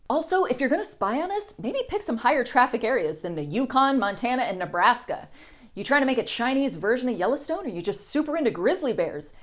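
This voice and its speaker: A woman delivers a satirical news monologue with a sarcastic, snarky bite. Her voice sits a bit high and swings widely in pitch as she jokes her way through the headlines. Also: sing-song, fairly quick. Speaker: news comedy host.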